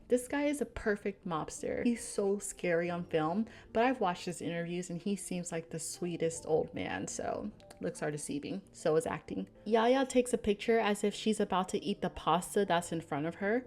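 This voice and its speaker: Chatty woman reviewing a film. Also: medium pitch. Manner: animated, chatty, laughs often. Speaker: film reviewer, channel host. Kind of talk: casual film review narration.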